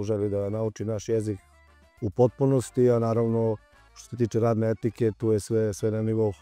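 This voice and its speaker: A male water polo coach with a very dark voice talks quickly in a flat, even tone. He answers carefully, repeating words as he thinks aloud. Faint music plays behind him. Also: on the low side. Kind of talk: interview answers.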